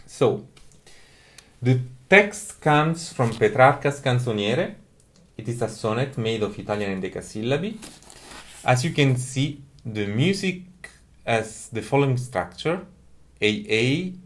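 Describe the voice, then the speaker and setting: A man giving a careful, methodical lecture on music, explaining each point step by step. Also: mid-range voice.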